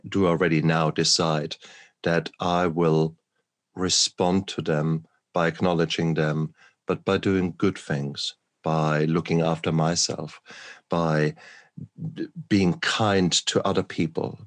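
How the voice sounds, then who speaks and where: A man hosting a podcast, speaking in a measured, deliberate way and repeating phrases for emphasis. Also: deep voice. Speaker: podcast host, physician. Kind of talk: reflective conversational talk.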